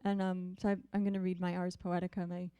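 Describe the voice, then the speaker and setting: A woman poet reading her poems in a measured, deliberate way, with soft, hesitant asides between them. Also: on the low side, level tone, smooth, no room sound. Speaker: visiting poet. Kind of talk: poetry reading.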